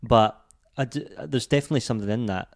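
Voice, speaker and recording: A man's voice: mid-range voice, fast talker, no echo, studio quality. A Scottish man chatting casually as a podcast guest, laid-back and self-deprecating. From Scotland. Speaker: comedian guest.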